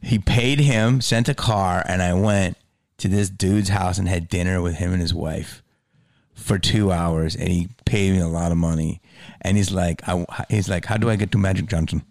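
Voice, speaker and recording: A middle-aged man with a low, gravelly voice tells stories in a loose, swearing podcast chat. His voice jumps up when he gets excited and sinks to a murmur for asides. The sound is dry and close, with no room around it. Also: unhurried, dry recording. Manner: swearing, animated storyteller who drops low for asides. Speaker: guest comedian.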